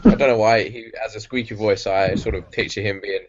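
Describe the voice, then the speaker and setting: A man's voice: fairly low pitch, steady tone, brisk, noisy background. A man playing in an online tabletop game, describing his character's actions with wry, self-mocking humour. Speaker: player. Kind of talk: casual tabletop play. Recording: dull lo-fi online call audio.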